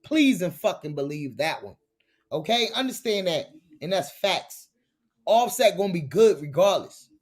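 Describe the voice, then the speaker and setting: Emphatic, profane gossip-show host. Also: male voice, sits high, sing-song, a little slow. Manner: emphatic, profane, catchphrase-heavy. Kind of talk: celebrity gossip commentary.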